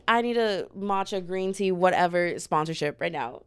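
A young woman from the States, hosting a podcast as a sassy, chatty comedic monologue with sudden loud outbursts. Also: fairly low pitch, moderate pace, hardly any pauses, clean tone. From Southern United States. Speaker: podcast host.

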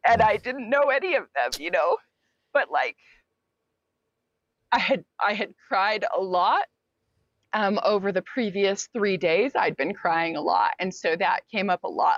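With a mid-range voice, a young woman relates a personal anecdote as an interview guest, speaking candidly with many fillers and asides where she quotes people. The audio is dull and lo-fi, with no room sound.

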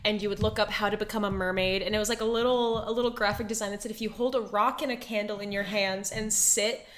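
A woman's voice: mid-range voice, fairly even intonation, quick pace. A young woman co-hosting a casual podcast chat, teasing her friend and laughing often. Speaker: podcast co-host.

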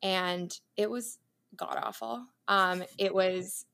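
A woman's voice: medium pitch, fairly even intonation, slow pace, creaky, fairly bright tone. A young adult woman, an interior designer guesting on a podcast, telling her career story in a candid, chatty way, laughing often.

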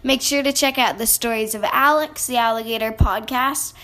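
A woman reading a children's book aloud, bright and animated. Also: on the high side, moderate pace, over loud music. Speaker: storybook reader.

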